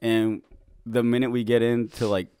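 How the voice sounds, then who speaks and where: A man's voice: mid-range voice, flat delivery, normal speed, warm tone, clear, resonant tone, dry recording. A man co-hosting a podcast, chatting casually and laughing often, swearing now and then. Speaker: podcast co-host. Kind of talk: casual chat.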